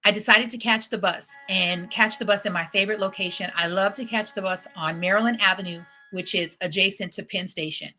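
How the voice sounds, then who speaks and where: A woman hosting her own livestream, telling personal stories in a chatty, lively way and acting out what people said. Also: medium pitch, brisk, few pauses, soft background music. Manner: chatty, lively storyteller who acts out quotes. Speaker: host. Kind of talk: casual storytelling livestream.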